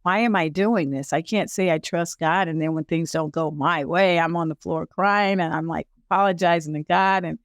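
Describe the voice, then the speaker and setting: A woman's voice: sits low, steady tone, moderate pace, hardly any pauses, dry recording, studio quality. Earnest older woman telling her story. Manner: earnest, many fillers, acts out her own past speech. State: tearful at times. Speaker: league founder and guest. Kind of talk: interview storytelling.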